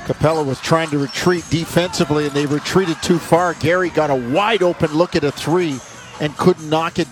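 Higher-voiced man calling basketball play-by-play. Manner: rapid clipped calls, rising on made shots. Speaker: play-by-play announcer.

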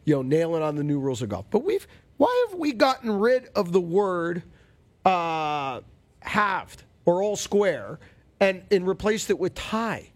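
A male talk-radio host, sitting a bit high and swooping all over the place as he rants. He sounds grumpy and exasperated, and he talks straight into a studio mic. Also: sing-song, a little slow. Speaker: radio golf show host. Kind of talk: animated talk-radio chat.

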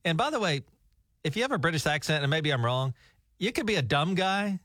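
A man's voice: a little high, very animated, a little fast, a bit bright, no room sound. A man hosting a morning radio show, chatting casually and quizzing his co-host, heard on a studio mic. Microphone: studio microphone.

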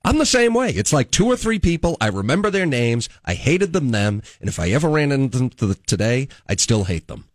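A man co-hosting a morning talk show, telling rants and stories in a lively, animated way. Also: medium pitch, brisk, hardly any pauses, no echo, clean studio sound. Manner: animated, ranting storyteller. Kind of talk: casual chat.

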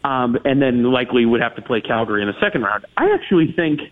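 A man's voice: mid-range voice, very animated, quick pace. A man analysing hockey as a guest in a radio interview, talking in long runs full of restarts and fillers. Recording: tinny phone line on radio.

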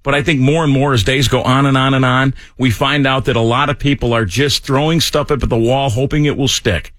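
A man's voice: mid-range voice, fairly quick, no echo. A man hosting morning talk radio, joking and poking fun at himself. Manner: jokey, self-mocking, animated. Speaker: fill-in radio host. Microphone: studio microphone.

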